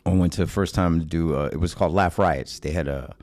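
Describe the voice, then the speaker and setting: A middle-aged man from Chicago, a comedian, tells a story casually on a podcast. He has a very deep, low voice. He swears freely and acts out the people in his story, recorded close and dry with no room sound. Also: fast talker, a little mellow, no echo. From Chicago, USA. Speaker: stand-up comedian guest.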